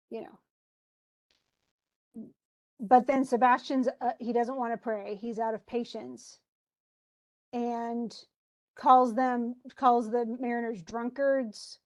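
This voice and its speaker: A woman teaching a class about a play, her voice a little on the high side. She talks in a loose, chatty way, often restarting sentences. She reads quoted lines aloud with extra punch. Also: level tone, takes it slowly, long pauses, a little mellow.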